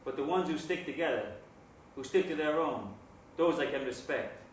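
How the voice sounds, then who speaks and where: A man's voice: fairly high pitch, expressive, moderate pace, slight background noise, lightly acted. An actor playing a menacing, foul-mouthed neighborhood gangster man. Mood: scornful. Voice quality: crude and intimidating. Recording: echoey room, mic at a distance.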